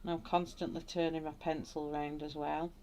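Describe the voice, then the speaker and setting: A woman leads a chatty live colouring tutorial, narrating her thoughts, greeting chat viewers and laughing often. Her voice is low, level and darkish, at normal speed, with a little hiss or hum in the recording.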